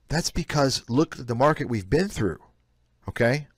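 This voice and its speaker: A man's voice: mid-range voice, sing-song, normal speed, fairly bright tone, no echo, studio quality. A man giving blunt, scornful commentary on a live stream, reacting to clips. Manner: blunt, scornful, repetitive ranting. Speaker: host, investment analyst.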